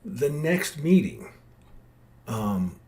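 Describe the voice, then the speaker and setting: A man's voice: medium pitch, big pitch swings, extremely slow, mellow. Earnest, rambling middle-aged man. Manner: rambling, reflective, with many restarts and fillers; earnest and heartfelt. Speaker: podcast host. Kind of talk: personal monologue.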